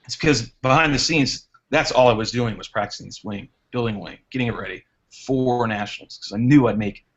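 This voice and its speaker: A man's voice: medium pitch, brisk, fairly bright tone. Male racing guest, chatty storyteller, mid-range voice, dull video-call sound. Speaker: guest drone racer. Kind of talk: casual chat on a live hangout.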